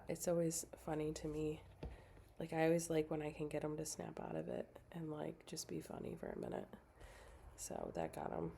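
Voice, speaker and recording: A middle-aged woman with a low, gravelly voice chats while she works on a craft project, drifting into stories and acting out what people said. Her tone is dark and mellow, and a faint hiss sits under a home recording. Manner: chatty, storytelling with acted-out quotes. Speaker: craft livestreamer. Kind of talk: casual chat while crafting.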